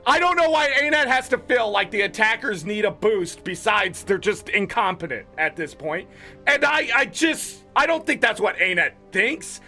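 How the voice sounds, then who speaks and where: A man's voice: high-pitched, expressive, normal speed, bright, forceful tone, faint music behind. A man giving blunt, opinionated commentary on game patch notes as a gaming content creator, swearing freely.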